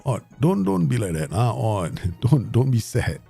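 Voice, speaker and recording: A man hosting his gaming channel, giving live commentary and talking to himself and the viewers in an excitable way. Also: mid-range voice, a little slow, creaky, husky, faint music behind. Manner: excitable, talks to himself and the viewers, frequent laughs.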